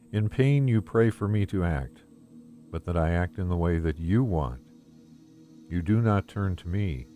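Man, devotional reading, calm and measured, deep voice, dark tone. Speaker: devotional reader. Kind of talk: slow devotional reading in first person.

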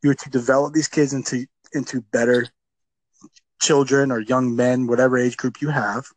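A man's voice: medium pitch, little pitch movement, normal speed, no room sound, low-quality recording. A man who coaches youth football, talking casually and emphatically on a podcast, often repeating words as he gets going.

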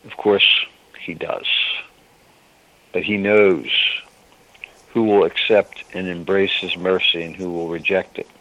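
A man hosting a devotional radio ministry, speaking in a slow, tender, pleading way. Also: low-pitched, level tone, fairly bright tone. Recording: dull lo-fi radio broadcast.

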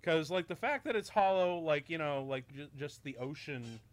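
A man's voice: a little high, lively intonation, moderate pace. A man chatting and joking during a movie commentary, laughing a lot and throwing in hammy asides. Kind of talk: casual movie commentary chat.

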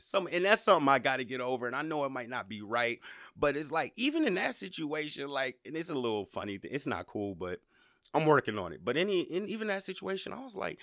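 This podcast host is a man with a medium-pitched, fairly bright voice that swings widely in pitch, and he talks fast. The recording is dry and studio-clean. His casual motivational monologue is conversational and emphatic, and he repeats words as he gets worked up.

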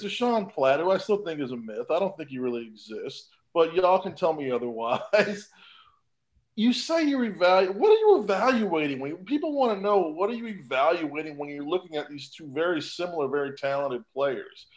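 A man with a high, lively voice that swings up and down co-hosts the podcast. He asks long, searching questions and drops a joking aside now and then. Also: normal speed, poor audio. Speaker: podcast co-host. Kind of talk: casual podcast chat.

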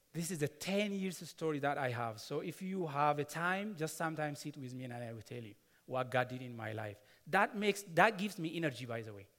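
A man's voice: a little high, a bit bright. A man preaching a sermon, telling a personal story earnestly, repeating words and adding asides. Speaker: pastor. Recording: long hall reverb.

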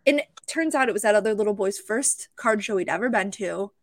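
A woman's voice: mid-range voice, brisk, no room sound. A young adult woman hosting a podcast, telling a story casually and with feeling, full of fillers and restarts. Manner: animated, emotional, with many fillers and restarts. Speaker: podcast host and card show vendor.

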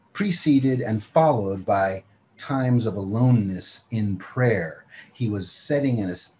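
Preaching from the Bible, this man reads the passage at a slow pace, then breaks it down conversationally and encourages listeners to picture themselves inside the story. His voice sits on the low side and sounds a little mellow, and the audio is poor.

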